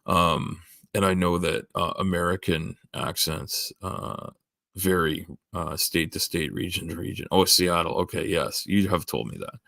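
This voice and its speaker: A man's voice: low-pitched, unhurried, creaky, a bit bright, no echo, clean studio sound. A middle-aged man with a Southern Ontario accent, a livestreamer rambling as he thinks aloud and answers his chat. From Canada. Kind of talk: casual chat.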